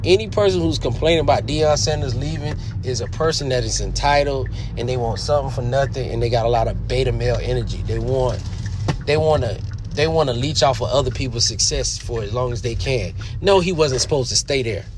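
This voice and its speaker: Man, casual commentator, preachy and emphatic, loud bursts then quiet asides. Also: mid-range voice, a little fast, slight background noise. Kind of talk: casual opinion monologue.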